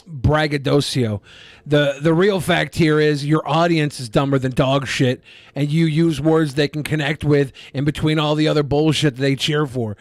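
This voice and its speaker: A man's voice: a little high, no echo. Sarcastic, foul-mouthed male co-host. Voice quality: sarcastic, profane, mocking. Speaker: podcast co-host. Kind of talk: casual chat.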